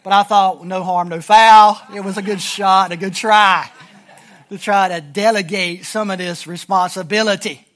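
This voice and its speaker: A man's voice: high-pitched, steady tone, moderate pace, fairly bright tone. A middle-aged man preaching a sermon in a conversational, humorous storytelling style to his congregation. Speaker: pastor.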